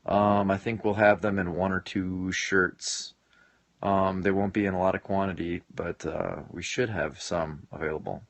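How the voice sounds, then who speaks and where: A man's voice: low-pitched, fairly even intonation, moderate pace, creaky, dry recording. A man in his late twenties hosting a casual live stream from his home basement, reading and answering viewer comments in a joking way and laughing often. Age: late 20s.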